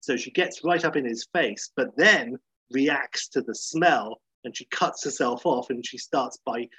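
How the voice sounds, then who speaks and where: Husky man casually recapping an episode. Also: medium pitch, unhurried, pushed and bright, no room sound, poor audio. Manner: chatty, with frequent fillers. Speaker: comedy recapper.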